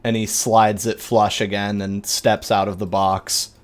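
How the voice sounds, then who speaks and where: Slow, relaxed man running a tabletop game. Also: fairly low pitch. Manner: relaxed, halting with fillers. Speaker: game master.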